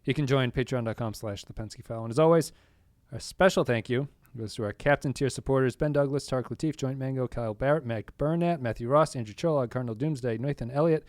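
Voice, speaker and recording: A man's voice: medium pitch, quick pace, darkish tone, dry recording, clean studio sound. A man who hosts a podcast, chatting in an easygoing, talkative way and reading out a long list of supporter names. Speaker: podcast host, guest. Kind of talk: casual chat and sponsor thank-yous.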